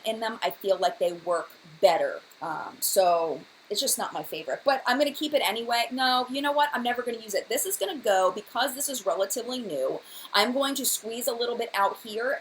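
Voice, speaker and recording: A woman hosting a makeup livestream at home, talking quickly and chattily as she reads out viewer comments. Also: medium pitch, a bit bright, a little hiss or hum, rough recording. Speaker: beauty channel host. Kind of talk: live-stream chat about makeup. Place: home room by her dresser.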